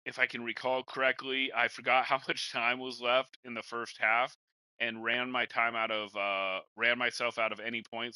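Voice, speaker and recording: In a dry, rough recording, a young man with a medium-pitched, pushed and bright voice hosts a casual podcast. He keeps hiccuping as he rambles along in a laid-back way, addressing his cohost as "bro" and "man," and he's also a Madden gamer.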